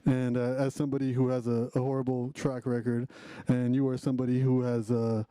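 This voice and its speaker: Male host of a live online talk. Very dark, mellow tone, dry close sound, upbeat and chatty. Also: medium pitch, monotone, brisk, smooth, dry recording. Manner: upbeat, chatty, with frequent restarts. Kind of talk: casual live hosting.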